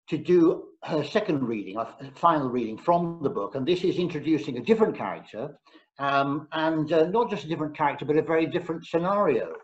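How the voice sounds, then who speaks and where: A man hosts an online book launch and fumbles with fillers and repeated words. His voice sits a little high. The sound is dull and lo-fi. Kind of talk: casual event hosting. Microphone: video call.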